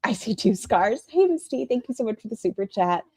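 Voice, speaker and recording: A woman's voice: medium pitch, brisk, mellow, breathy edge, no room sound. Blunt, sarcastic woman streamer. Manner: blunt and sarcastic, swears freely. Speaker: live-stream host. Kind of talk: live-stream reaction commentary.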